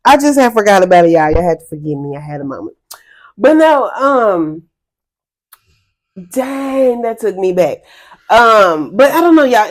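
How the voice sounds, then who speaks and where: Lady rambling thru a spirit reading, kinda low voice, laughs a lot, says y'all. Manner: rambling, chatty, laughs often; addresses viewers as y'all. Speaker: spiritual reader. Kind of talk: casual spiritual reading to viewers.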